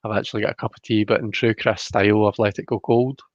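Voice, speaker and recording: A man hosting a casual live stream, reading tarot cards and chatting with viewers. He talks fast and tends to mumble. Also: fairly low pitch, little pitch movement, dry recording. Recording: dry, dull lo-fi sound.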